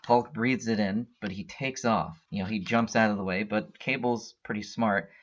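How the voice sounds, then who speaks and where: Here a man with a fairly low voice speaks at a normal speed in a steady tone. He's a podcast host doing a relaxed comic book recap, retelling the plot loosely with lots of filler words, and the lo-fi audio is dull.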